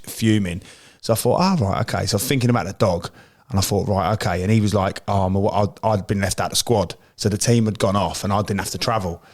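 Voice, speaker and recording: Fast-talking, low-voiced British man. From Britain. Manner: rambling, laughing anecdotes with filler words. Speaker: podcast co-host, ex-footballer. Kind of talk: casual storytelling chat.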